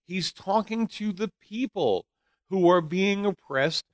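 Slow, wry high-voiced man. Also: lively intonation, no echo. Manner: wry, sarcastic, profane. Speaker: podcast co-host. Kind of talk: casual podcast chat.

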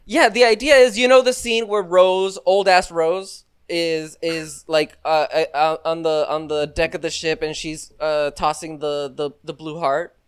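A man chatting casually with friends, telling a story in an animated way and acting out the quotes. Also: fairly high pitch, a little slow, hardly any pauses, smooth, no echo, studio quality. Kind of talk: casual chat.

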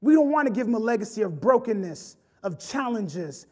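A man's voice: high voice, big pitch swings, fairly quick, warm tone, slightly rough. A man preaching an impassioned sermon, rising and falling in intensity. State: choked up with emotion.

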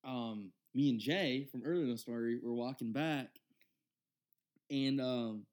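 A man in his twenties casually telling a long story on a podcast, rambling and animated, acting out the other people's lines. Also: medium pitch, measured pace. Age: 20s. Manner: rambling, animated retelling with quoted dialogue. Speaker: podcast host.

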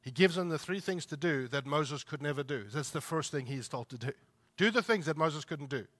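A man's voice: on the high side, lively intonation, a little fast, a bit bright. A man preaching a sermon, emphatic, repeating his points and asking the listeners rhetorical questions. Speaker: pastor.

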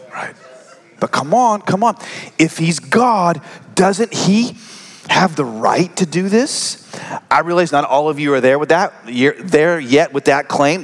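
A middle-aged man preaching a sermon, joking with the congregation and swinging from loud emphasis down to hushed whispers. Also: high-pitched. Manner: conversational, joking asides to the congregation. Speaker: pastor. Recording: long reverb of a large hall.

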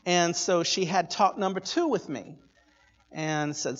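Animated male preacher telling a story, moving from quiet asides to loud bursts; muffled, reverberant hall. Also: high-pitched, a little slow. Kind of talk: sermon storytelling. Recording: echoey hall, dull sound.

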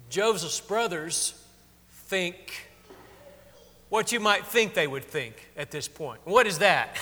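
This high-pitched pastor has a sharp tone that fills a large hall. Preaching conversationally, he plays out the story's people with feeling that keeps rising.

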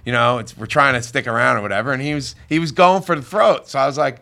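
A man's voice: medium pitch, fast talker, vocal fry, bright, forceful tone. A man guesting on a podcast as a poker dealer, telling loose stories with lots of cursing. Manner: loose storytelling with frequent cursing. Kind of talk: casual podcast chat.

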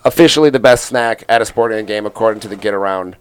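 A man's voice: lowish voice, fast, smooth. Rambling, joking young male podcast host. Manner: rambling, jokey, lots of fillers and restarts. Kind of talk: casual sports podcast banter.

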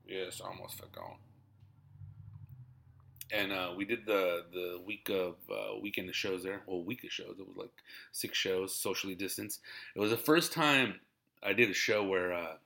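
A man's voice: low-pitched, moderate pace, creaky, bright, forceful tone. A man hosting a podcast, a stand-up comedian rambling in a laid-back way with lots of laughs. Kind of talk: casual podcast monologue.

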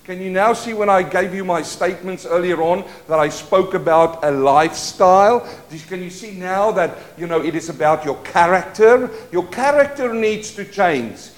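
A man preaching a sermon as pastor, leading call-and-response and moving between quiet asides and loud declarations. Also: high voice, moderate pace, few pauses, roomy sound. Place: church.

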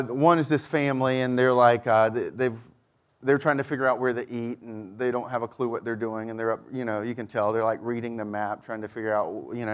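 A man's voice: medium pitch, smooth. A middle-aged man preaching a sermon, telling a personal story and acting out both sides of each conversation. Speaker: pastor.

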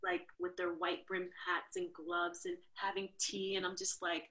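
A woman from New York, a dancer and podcast guest, telling lively stories in casual conversation and acting out the people she quotes. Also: unhurried, noisy background. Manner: animated, acts out quotes with big jumps in pitch. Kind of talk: casual storytelling interview.

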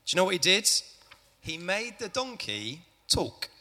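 A man with a high, bright, animated voice narrates a Bible story a little slowly to a church family audience. He's lively and chatty, talking directly to the listeners, and a long church-hall reverb trails his words.

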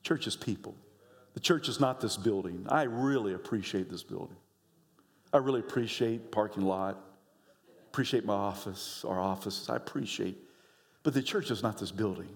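A middle-aged male pastor preaching a sermon, swinging from low, quiet lines up to high shouts. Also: moderate pace, vocal fry, in a large hall. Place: church sanctuary.

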